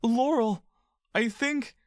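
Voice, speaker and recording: The audio drama narrator voicing Bach, a frightened young boy adventurer who is burned and pleading, in a high, strained voice. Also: takes it slowly, no room sound, studio quality, natural voice. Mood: anxious.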